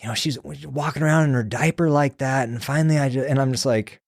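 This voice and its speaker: A man's voice: mid-range voice, fairly quick, gravelly. A man in his thirties recalls his years as a prison sergeant in loose, profane chat. He slips in and out of the voices of the people he talked to. The sound is dry and close with no room echo. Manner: loose and profane, acts out quoted dialogue. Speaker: former prison sergeant, podcast guest. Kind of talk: casual storytelling conversation.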